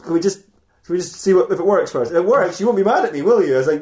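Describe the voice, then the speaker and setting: High-voiced man spinning a silly story. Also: lively intonation, rapid-fire, darkish tone, roomy sound. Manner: rambling, laughing, playfully crude. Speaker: podcast host. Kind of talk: improvised comedic storytelling.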